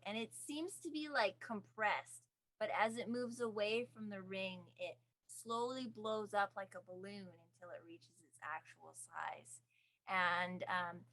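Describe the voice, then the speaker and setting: Slow-paced woman dungeon master. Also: medium pitch, fairly bright tone. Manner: slow, descriptive narration with fillers. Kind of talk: narrating a tabletop game.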